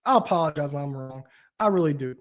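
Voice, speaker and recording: A man's voice: fairly high pitch, expressive, quick pace. A man hosting a casual talk show, ranting animatedly with frequent restarts. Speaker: podcast host. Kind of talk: casual chat.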